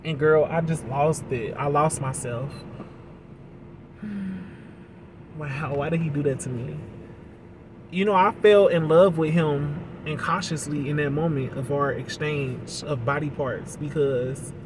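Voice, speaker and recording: A man's voice: on the high side, steady tone. Emotional man with raised voice, traffic behind. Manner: emotional, halting, repeats words, speaks to viewers directly. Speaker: vlogger telling a personal story. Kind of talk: confessional storytime monologue.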